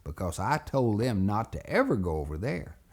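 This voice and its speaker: A man's voice: on the low side, sing-song, moderate pace. A man voicing a father who hunts for his missing sons and questions them. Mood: puzzled. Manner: calling loudly from afar.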